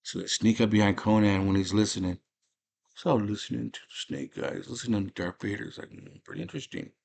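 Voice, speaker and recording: A man with a fairly low voice retells a movie scene by scene in a loose, chatty way. He gets animated as the story builds, slipping into quick impressions of the characters. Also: creaky. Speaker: movie podcast host.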